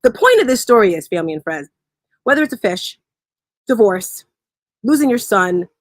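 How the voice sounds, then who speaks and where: A woman's voice: mid-range voice, big pitch swings, normal speed, no room sound. A woman hosting a motivational morning show, telling stories with lots of energy and laughing easily. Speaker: host. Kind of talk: motivational talk on a live audio room.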